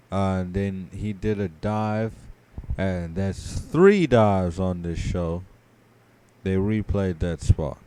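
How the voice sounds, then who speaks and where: A sleepy man co-hosting a podcast, giving a drowsy, low-key play-by-play recap full of ums and uhs. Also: warm tone, slight background noise. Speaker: podcast co-host. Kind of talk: casual match recap.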